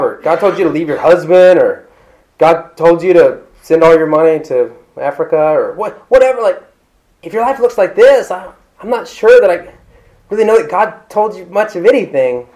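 A middle-aged man with a notably high-pitched voice preaches a sermon in a loose, conversational way. He drifts into asides and acts out short quoted exchanges as he speaks to his congregation. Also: a little mellow. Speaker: pastor. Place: church hall with congregation.

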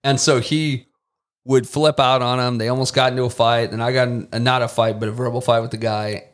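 This podcast guest, an ex-Marine and contractor, talks briskly at medium pitch. He relates his stories casually and with animation, raising his voice to act out what others said.

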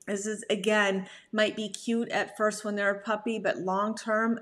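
A woman dog trainer giving a chatty, animated slide talk on puppy behavior, full of "like" fillers. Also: medium pitch, measured pace.

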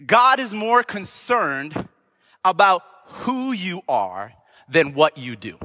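A man delivers a fervent sermon, his high voice climbing into emphatic shouts. The tone is bright and ringing. A long church-hall reverb trails each phrase. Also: sing-song, slow. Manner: impassioned, rising to emphatic shouts. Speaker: preacher. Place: church sanctuary.

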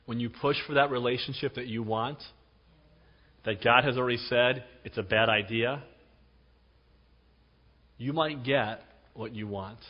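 A middle-aged man preaching a sermon, telling stories with emphasis and dropping to a hush for effect. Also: medium pitch, steady tone, measured pace, long pauses. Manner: storytelling, emphatic, with dramatic drops to a hush. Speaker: pastor. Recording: dull recording with long hall reverb.

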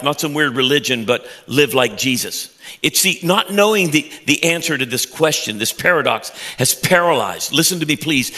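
A middle-aged male pastor gives a sermon with a bright, forceful voice. He preaches with passion, climbing to loud high peaks and then dropping to soft, low stretches, and he often repeats words as he builds. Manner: passionate, with sudden loud rises and soft drops; repeats words when excited.

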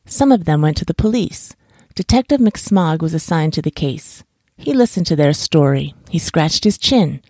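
A woman reading a children's bedtime story aloud for her podcast in a calm, even way. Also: sits low, normal speed, no echo, clean studio sound.

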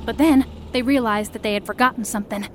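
A woman narrating a first-person audio story, expressive, acting out the shouted lines. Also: on the high side, fast talker, background noise.

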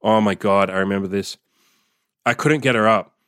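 A man's voice: lowish voice, moderate pace, fairly bright tone, no echo, studio quality. A young man telling a story from his diary in a casual podcast monologue, swearing often and reacting aloud as he reads. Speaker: podcast host reading his old diary.

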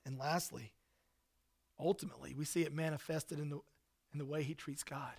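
A man preaching a sermon in an earnest way, rising to loud emphasis and dropping to soft, hushed lines. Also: fairly high pitch, fairly even intonation, brisk. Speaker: pastor.

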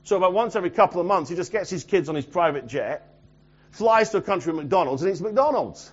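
Pastor preaching on a muffled recording. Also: male voice, high voice, animated, fast talker, faint music behind. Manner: swings from loud urgent preaching to quiet near-mutter. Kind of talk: sermon.

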